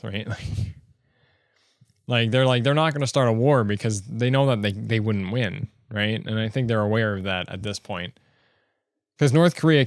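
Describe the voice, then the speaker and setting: A man's voice: lowish voice, no room sound, clean studio sound. A man hosting a solo stream-of-consciousness podcast, rambling along with many fillers and restarts. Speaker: podcast host.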